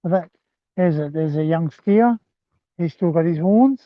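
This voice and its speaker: At a measured pace and on the high side, a man rambles to his livestream audience, calling them "guys," while walking outdoors along a rural rail trail. He holds his phone for this live walking vlog. There's no echo, and the sound is thin, dry and phone-like.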